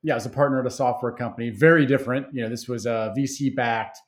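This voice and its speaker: A game creator, interviewed about starting his party game company, talks fast in a mid-range voice with fairly even intonation. His easygoing, conversational answers are full of fillers and restarts.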